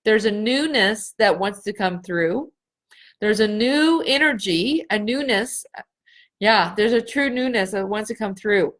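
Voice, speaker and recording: A middle-aged woman hosting a live spiritual healing session, speaking slowly and earnestly and repeating phrases for emphasis. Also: medium pitch, expressive, a bit bright. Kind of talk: live energy-healing reading for viewers.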